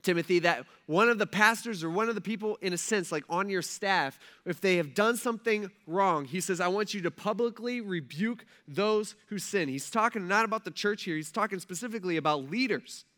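A man's voice: sits high, fairly quick, few pauses, bright, forceful tone. A man in his thirties, a pastor preaching a casual sermon in a church, joking and using slang. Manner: chatty and joking, slangy asides.

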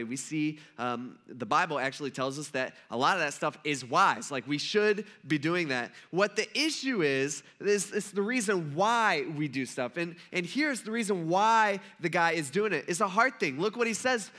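A man's voice: fairly high pitch, sharp tone. A young man preaching a sermon in a casual, conversational way, often acting out quoted voices. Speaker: pastor.

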